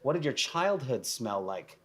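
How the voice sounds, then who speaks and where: A man's voice: medium pitch, very animated, a little slow, husky. A man guesting on a podcast, giving casual conversational advice with frequent fillers and restarts.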